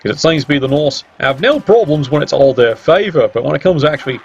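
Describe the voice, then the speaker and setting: Gravelly sarcastic game commentator. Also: male voice, fairly high pitch, expressive, fast, darkish tone. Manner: sarcastic, teasing. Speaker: match commentator. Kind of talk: video game match commentary. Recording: dull lo-fi mic with faint hiss.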